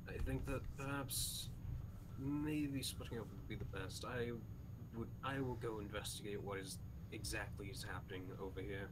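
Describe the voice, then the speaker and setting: A man acting as game master in a casual tabletop role-play, speaking in a measured, slightly formal way. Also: on the low side, fairly even intonation. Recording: audible hiss.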